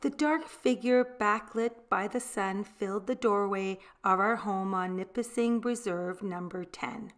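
A woman reading a picture book aloud, gentle storytelling that gives voice to the characters. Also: medium pitch, a little slow. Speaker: storybook reader.

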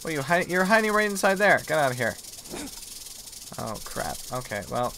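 Young guy rambling thru a survival game, gravelly voice, bit of hiss behind. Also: fairly high pitch, big pitch swings, moderate pace, pushed and bright. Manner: chatty, self-mocking, mock apologetic to game animals. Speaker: gaming video host. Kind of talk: casual gameplay commentary.

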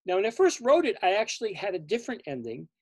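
A man, a children's author, telling his story to families at a library, lively and explaining terms simply. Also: high-pitched, quick pace, dry recording. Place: library event.

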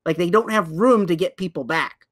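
This man's voice sits high and moves at a normal pace as he co-hosts a relaxed podcast. Excitedly describing a show, he stumbles, skips ahead, and loops back within sentences, telling it animatedly with many restarts.

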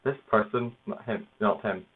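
A man casually narrating his own language practice, halting over foreign words and laughing at himself. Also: fairly low pitch, breathy edge. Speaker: language learner. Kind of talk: casual self-narrated study session. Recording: tinny phone-like noisy recording.

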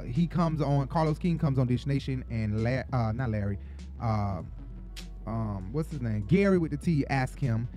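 A man from Atlanta, hosting an entertainment gossip show in a chatty, profane, animated storytelling manner. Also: medium pitch. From Atlanta, Georgia. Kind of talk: casual gossip commentary.

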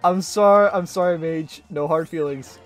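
A man's voice: a little high, normal speed. A man streaming a party game, chatting casually and joking with friends. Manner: joking, laughs often, mock British voice. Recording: faint music behind.

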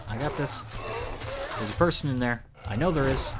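A man's voice: medium pitch, lively intonation, moderate pace, heavy background noise. Joking gamer guy hosting a let's play, voice bouncing around a lot. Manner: joking, irreverent, often swears. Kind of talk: casual gameplay commentary.

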